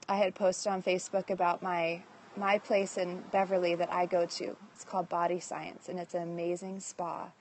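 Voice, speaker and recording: A woman's voice: fairly low pitch, a little mellow, a little hiss or hum. A woman hosting a casual live stream from home on her phone, upbeat and reading out viewer comments as she talks. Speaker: livestream host and direct-sales leader. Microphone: phone livestream.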